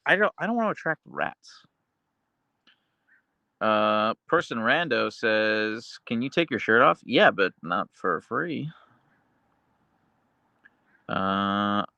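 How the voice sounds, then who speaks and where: A man hosting a casual livestream, reading viewer comments aloud and chatting about his dogs, slipping into a high cooing voice for his pet. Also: sharp tone, dry recording. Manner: goes high and cooing when talking to his dog. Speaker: livestream host.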